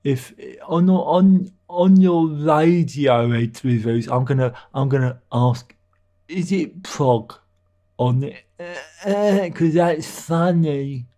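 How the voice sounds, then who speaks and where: A man's voice: a little high, slow pace, warm tone, pitched above the performer's own voice. A man putting on the voice of a whiny, nagging male online commenter, drawn out and mocking. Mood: whining.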